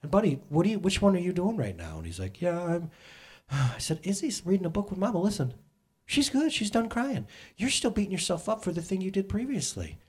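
A man in his thirties preaching a sermon with animated swings between loud exclamations and soft storytelling. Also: sits high, a little fast, breathy edge. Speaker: pastor.

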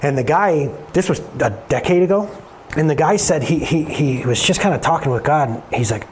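A man preaching a sermon in an animated, conversational way, talking straight to his congregation. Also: fairly high pitch, a little fast, slight background noise. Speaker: pastor.

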